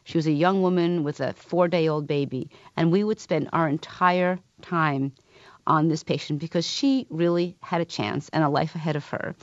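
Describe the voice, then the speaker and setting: A woman physician reading her own essay aloud and then answering interview questions in a measured, wry storytelling manner. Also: on the low side, a little mellow, no room sound. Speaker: physician and author. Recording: slightly dull, lo-fi sound.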